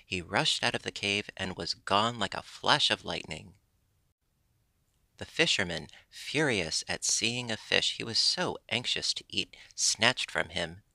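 A man reading a classic children's story aloud in measured scripted narration. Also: lowish voice, vocal fry, bright, forceful tone, dry recording. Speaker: audiobook narrator.

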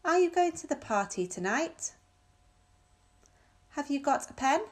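A woman on textbook audio, carefully reading out example questions with clear, marked intonation. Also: sits high, very animated, measured pace. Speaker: recorded audio speaker.

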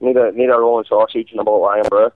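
A man's voice: lowish voice, fairly even intonation, very fast, no echo. A hungover man calling in to a radio show, rambling and swearing with many ums. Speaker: caller. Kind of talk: casual phone chat. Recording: dry tinny phone line.

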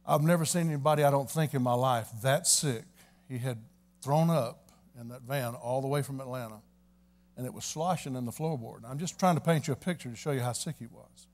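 A man preaching a revival sermon in church, telling a story in a folksy way and building to fervent shouting. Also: mid-range voice, a little fast. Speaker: evangelist preacher. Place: church service.

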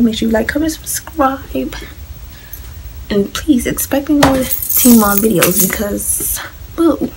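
A teenage girl telling her own story in a vlog, soft-spoken and emotional, often dropping to a near-whisper. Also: fairly high pitch, noisy background. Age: teens. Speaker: vlogger.

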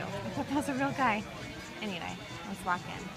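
A woman's voice: medium pitch, normal speed. A young woman vlogging, bubbly and giggly, gushing over food and places with a friend. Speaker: beauty vlogger. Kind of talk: casual vlog chat. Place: outdoors at the beach, restaurants. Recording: loud background music. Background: loud music.

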